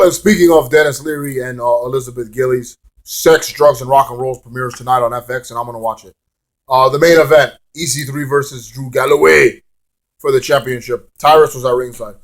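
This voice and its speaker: A man's voice: medium pitch, fairly even intonation, fairly quick. Rambling, profane male wrestling reviewer. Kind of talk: casual vlog review.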